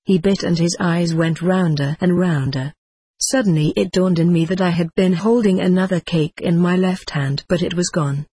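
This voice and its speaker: A reader narrating a first-person story in a measured, even way. The voice is husky and slightly breathy, recorded dry and close with no room sound. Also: medium pitch, dry recording. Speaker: audiobook reader.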